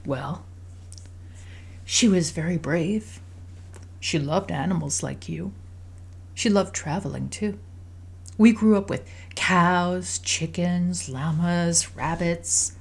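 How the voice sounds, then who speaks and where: A woman voicing a gentle, loving mother in a game story, speaking softly and reassuringly. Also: fairly low pitch, slow, creaky, pauses often, breathy edge, heavily acted. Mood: tender.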